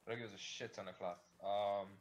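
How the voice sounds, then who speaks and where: Fast-talking low-voiced gamer guy. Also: steady tone. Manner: brisk, practical, gives quick warnings. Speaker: gaming teammate. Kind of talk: casual gaming chat over voice call.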